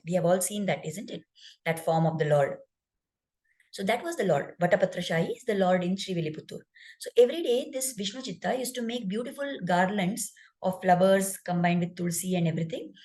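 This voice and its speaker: A woman's voice: medium pitch, a little mellow, low-quality recording. A woman spiritual teacher narrating a devotional story in an explanatory way, with rhetorical asides to listeners.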